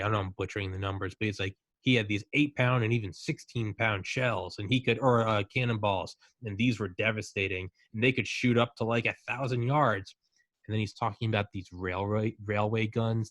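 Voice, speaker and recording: A man in casual chat, talking excitedly and rambling with lots of fillers. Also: on the low side, dry recording.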